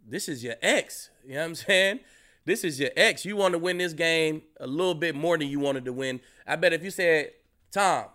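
A man who co-hosts a sports podcast and once played the game, talking in a relaxed, conversational way. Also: on the high side. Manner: relaxed, conversational, asks "you know what I'm saying". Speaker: co-host, former player. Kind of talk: casual sports talk.

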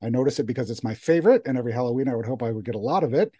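A man co-hosting a podcast, reading listener emails aloud in a relaxed, easygoing way. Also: medium pitch, very fast, slightly rough. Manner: easygoing, reads emails aloud with light laughs. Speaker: podcast co-host.

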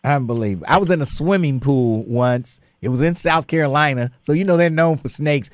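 A male radio host spins a story in an animated, chatty way, breaking into laughter as he goes. His voice sits a little high, and the studio sound is dry and close. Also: brisk, dry recording. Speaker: radio talk show host. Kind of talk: casual talk radio chat.

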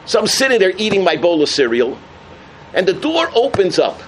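A man delivers a sermon in a high, lively voice. He tells his parables with energy and throws out the punchlines with a shout. A faint hum of noise sits under the recording. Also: moderate pace. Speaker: rabbi giving a talk.

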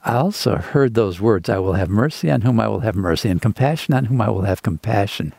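Male co-host, husky with fry, dry sound; reflective, candid, wonders aloud. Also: fairly low pitch, animated, fairly quick, a little mellow, no room sound. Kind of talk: conversational podcast talk.

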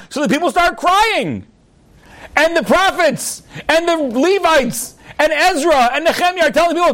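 Lively high-voiced man teaching Torah. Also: normal speed. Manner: reads Hebrew sources and translates, acts out voices, rhetorical questions. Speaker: rabbi teaching a class. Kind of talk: animated Torah class with humor.

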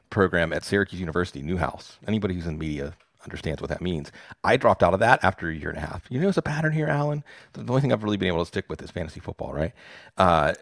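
A man's voice: sits low, dry recording, clean studio sound. A man in his forties from Pittsburgh, a fantasy football podcaster telling stories in a casual interview, enthusiastic and self-deprecating.

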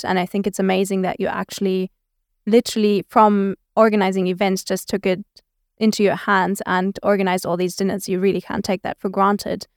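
Interviewer, woman with a mid-range voice, warm-hearted affirmations and curious questions, dry close sound. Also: medium pitch, little pitch movement, moderate pace, creaky, no room sound. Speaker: guest interviewer. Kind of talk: casual conversational interview.

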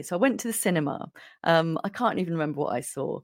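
Lively low-voiced woman host. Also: fast talker, no room sound, clean studio sound. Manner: storytelling, animated, laughs often. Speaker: podcast host. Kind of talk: casual interview chat.

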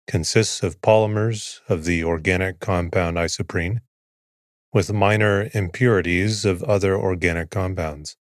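Deep, soothing sleep-podcast reader. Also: male voice, dry recording, clean studio sound. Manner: soothing, even read-aloud delivery. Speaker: podcast host. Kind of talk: slow reading of an article to lull listeners to sleep.

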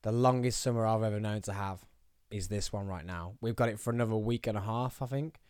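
Hosting his own podcast in a small studio, this Birmingham-accented Englishman in his thirties rambles, jokes, and drifts onto tangents. He talks fairly quickly in a lowish, slightly mellow, smooth voice, and the recording has no room sound.

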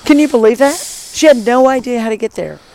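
In a dry recording, a former high school teacher in middle age chats casually through a travel story. The delivery is a little fast, lively and enthusiastic, full of asides.

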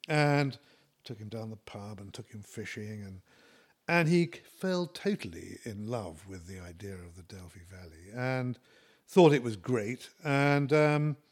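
A middle-aged man tells a long story about his own venture in a loose, rambling way. He is self-deprecating and fills his pauses with ums and false starts. His voice sits at an ordinary, mid-range pitch. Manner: rambling, self-deprecating, many fillers and restarts. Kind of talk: casual spoken anecdote.

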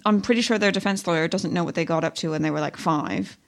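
A woman co-hosting a podcast, chatting playfully with quick interjections. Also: lowish voice. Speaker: podcast co-host. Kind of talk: casual chat.

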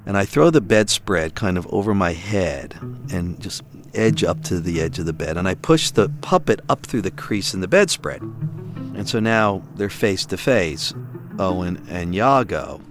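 A middle-aged man, a father, telling his family's story in an animated, emphatic way, acting out what others said. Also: deep voice.

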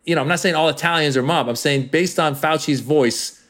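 A man's voice: a little high, fairly quick. An American male comedian being interviewed, telling stories animatedly and acting out voices. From United States. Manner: animated storyteller, acts out voices. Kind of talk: interview conversation.

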